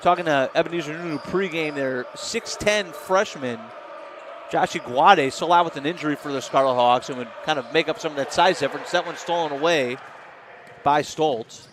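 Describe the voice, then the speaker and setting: A man calling live basketball play-by-play, quick and excitable, rising on big plays. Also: fairly high pitch. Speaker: play-by-play announcer. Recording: noisy gym broadcast.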